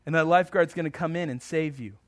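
A man preaching a sermon as a pastor, moving between quiet, tender passages and fervent, rising appeals. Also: fairly high pitch, fast, no echo. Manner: emphatic preaching that swings between hushed and fervent.

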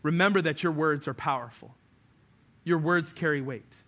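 A man with a high, bright voice preaching to his congregation. He talks earnestly and conversationally, often poking fun at himself as he makes his points. His tone is sharp and ringing, pitched above most men. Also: moderate pace. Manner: earnest, conversational preaching with self-deprecating asides. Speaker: pastor. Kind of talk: sermon.

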